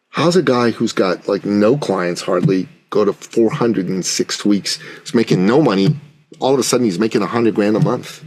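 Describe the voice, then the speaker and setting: A man with a husky, breathy voice tells a story as a podcast guest. He acts out the dialogue with animation and keeps checking in with his listener. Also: fairly low pitch, darkish tone.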